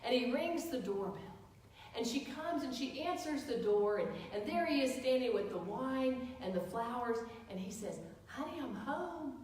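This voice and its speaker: Woman pastor, preaching storyteller, high-ish voice, heard from afar in a reverberant sanctuary. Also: lively intonation, moderate pace, a little mellow, a little hiss or hum. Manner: storytelling, asks the congregation questions. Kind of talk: sermon. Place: church sanctuary. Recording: echoey church hall from far off.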